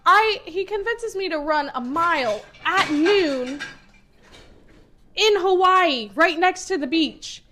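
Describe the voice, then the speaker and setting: A woman's voice: very high-pitched, animated, slow, background noise. A woman co-hosting a casual podcast chat, ranting in a fired-up way and swearing a lot. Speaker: podcast co-host.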